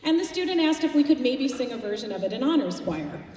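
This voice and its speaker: A woman who directs a high school choir, chatting to a concert audience between pieces with anecdotes about her students. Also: very animated, fast talker. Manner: chatty, warm-hearted, anecdotal. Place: school auditorium. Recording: distant, echoey hall with faint noise.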